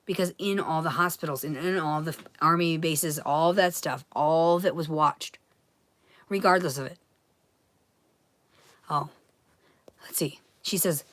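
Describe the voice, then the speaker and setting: A frantic woman rants in a low voice, cursing freely. She lurches from loud outbursts to hushed whispers. The sound is dry and close. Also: measured pace, long pauses, no echo. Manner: profane, swings between loud ranting and hushed whispers. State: agitated, frantic. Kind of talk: rambling monologue to camera.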